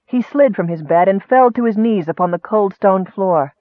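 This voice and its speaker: High-voiced male audiobook narrator. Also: normal speed, hardly any pauses, dry recording. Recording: dry, tinny, narrow-band.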